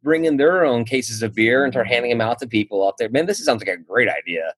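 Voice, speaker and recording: A man's voice: mid-range voice, animated, fast talker, husky, no room sound. A man hosting a casual podcast chat, steering topics and laughing often. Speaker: podcast host.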